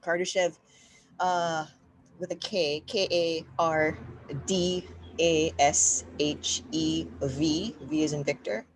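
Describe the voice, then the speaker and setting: A woman's voice: deep voice, fairly even intonation, slow pace, slight background noise. A woman co-hosting a podcast, chatting casually and giving upbeat recommendations. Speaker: podcast co-host. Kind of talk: casual chat.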